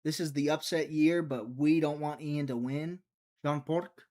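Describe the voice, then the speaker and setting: Young man, slightly high voice, rambling live stream chat, jokey. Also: fairly even intonation, unhurried, a little mellow. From Mississippi, USA. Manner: rambling, jokey, reads and answers chat aloud.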